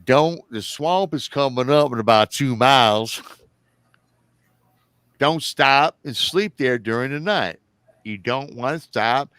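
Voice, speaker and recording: A man's voice: medium pitch, slow pace, fairly bright tone, clear, resonant tone, no room sound, voice pushed up. A man putting on the voice of an odd rural gas station clerk who talks in a drawling, folksy way and gives warnings.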